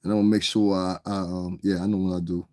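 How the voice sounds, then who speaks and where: A man's voice: deep voice, level tone, fast, warm tone, dry recording, studio quality. Blunt, profane New York man ranting. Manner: blunt, profane, repeats "you understand what I'm saying". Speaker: online commentator. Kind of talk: ranting livestream commentary.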